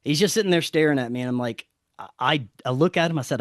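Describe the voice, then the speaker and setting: A man's voice: fairly high pitch, quick pace, no room sound, studio quality. A man guesting on a podcast, telling a story casually and animatedly, swearing freely and acting out the dialogue.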